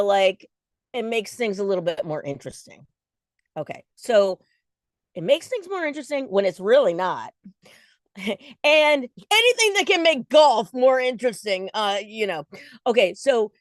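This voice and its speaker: A woman's voice: mid-range voice, no echo, studio quality. A woman in her forties chatting in a casual vlog, restless and self-deprecating, with lots of fillers. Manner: talks in restless bursts with many fillers. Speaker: vlogger.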